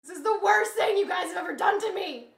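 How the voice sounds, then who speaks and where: A woman streamer in casual live-stream chat, pleading dramatically with her viewers and swinging from soft begging to loud shouting. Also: very high-pitched, fast, vocal fry.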